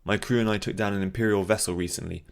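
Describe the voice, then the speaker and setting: A man's voice: fairly low pitch, steady tone, quick pace, vocal fry. A man voicing an arrogant, hot-tempered pirate captain. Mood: tense. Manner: clipped, through clenched teeth.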